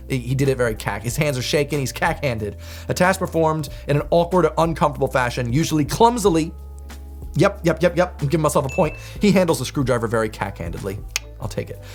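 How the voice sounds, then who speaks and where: A young man, casually joking through a quiz and reading definitions aloud with mock outrage. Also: a little high. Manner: playful, joking, quick laughs and mock outrage. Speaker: video host.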